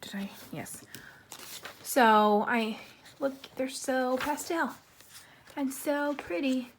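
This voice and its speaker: A woman's voice: sits high, slow pace, slight background noise. A woman vlogger chatting casually about a coloring book haul, gushing and bubbly, while losing her voice. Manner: bubbly, gushing, repeats 'super'. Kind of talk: casual chat.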